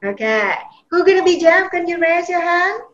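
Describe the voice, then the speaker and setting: A woman's voice: very high-pitched, expressive, moderate pace. A woman from Indonesia with an Indonesian accent, running an interactive online teaching workshop and checking in with "okay?" and "yeah?". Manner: encouraging, tags sentences with "okay?" and "yeah?". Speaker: teacher trainer. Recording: roomy, slightly muffled online call audio.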